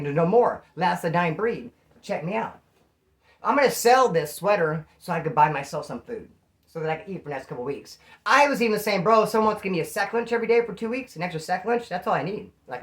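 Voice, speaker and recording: Fast-talking man telling stories in slang. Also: a little high. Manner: slangy, rambling, acts out quoted dialogue. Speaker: former prisoner telling prison stories. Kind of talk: casual first-person storytelling.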